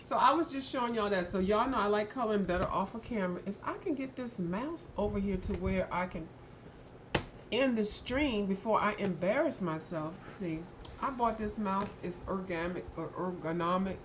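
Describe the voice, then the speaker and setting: A woman in chats on a live stream over a faint background hiss, at a mid pitch for a woman. She talks to her viewers by name in an easy, rambling way. Hiccups keep catching her mid-sentence. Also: moderate pace. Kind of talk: casual live-stream chat.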